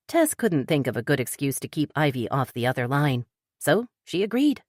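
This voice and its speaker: A woman narrating a cozy mystery audiobook with lively character reading. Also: low-pitched, moderate pace, no echo, studio quality. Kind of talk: scripted narration.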